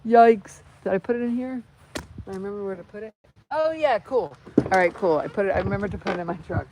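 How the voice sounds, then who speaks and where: A woman's voice: medium pitch, animated, brisk, warm tone, slight background noise, low-quality recording. A woman hosting a casual livestream, chatting in a rambling, self-joking way as she moves around her truck outdoors, filmed on a phone. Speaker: channel host. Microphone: phone camera.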